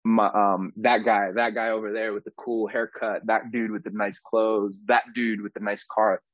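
Male podcast guest, low voice, chatty storyteller who acts out the dialogue, dull dry recording. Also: moderate pace, no room sound. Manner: animated, says "bro" a lot, acts out quotes. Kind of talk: casual storytelling interview.

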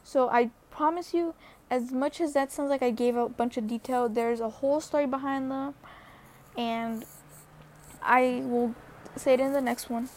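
High-voiced young woman rambling casually. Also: fairly even intonation, normal speed, a little mellow, slight background noise. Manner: chatty, rambling, with many fillers and restarts. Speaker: vlogger. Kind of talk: casual storytelling.

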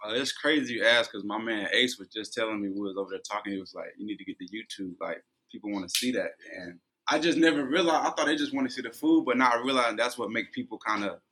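A man's voice: fairly low pitch, fast, hardly any pauses, pushed and bright, breathy edge, rough recording. A man as a podcast guest, talking casually in an earnest, upbeat way and often repeating himself. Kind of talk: casual conversation.

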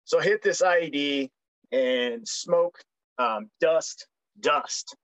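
A man's voice: on the high side, takes it slowly, a bit bright, clear, resonant tone, no room sound. A young man, a military veteran guest, telling his story in a frank, joking way with many ums and restarts. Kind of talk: casual storytelling interview. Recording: dry, slightly dull recording.

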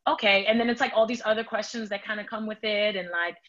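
A young woman from the Bronx speaks in a mid-range voice, working through her thoughts aloud with many pauses and filler words. The audio is a little dull and muffled. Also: mid-range voice, steady tone, a bit bright. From the Bronx, New York. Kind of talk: casual panel discussion.

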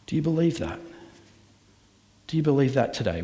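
A man preaches from the front of a church, his mid-pitched voice carrying a long reverb around the hall. He works through a sermon with rhetorical questions, swinging from animated to hushed. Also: moderate pace. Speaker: pastor.

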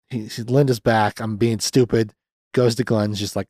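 A man's voice: medium pitch, brisk, a little mellow, no room sound, clean studio sound. A young man hosting a podcast, recapping a film in a casual, sardonic way, swearing freely with lots of fillers. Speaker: podcast host reviewing a movie.

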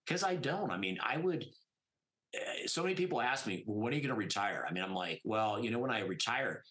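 Podcast guest: middle-aged man, low voice, very lively pitch, casual storytelling, emphatic. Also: a little fast, low-quality recording. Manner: animated, emphatic, many "I mean" fillers. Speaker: podcast guest, plastic surgeon.

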